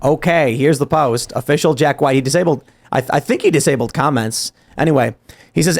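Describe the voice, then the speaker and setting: A man hosting a political talk podcast, voice sitting a little high for a man. He rants with exasperated energy, and his pitch jumps sharply when he gets worked up. Plenty of irritated emphasis. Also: fairly quick. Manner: exasperated, animated ranting. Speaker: podcast host. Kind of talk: political talk show discussion.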